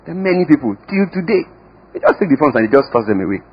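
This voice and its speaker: A man preaching a sermon as pastor, emphatic, with sudden swings in loudness and pitch and repeated words. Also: sing-song, rapid-fire, slightly rough, muffled recording.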